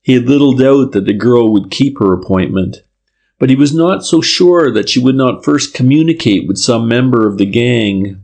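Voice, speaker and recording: A man narrating a classic detective novel in a steady, measured reading. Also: medium pitch, creaky. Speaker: audiobook narrator. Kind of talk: scripted narration.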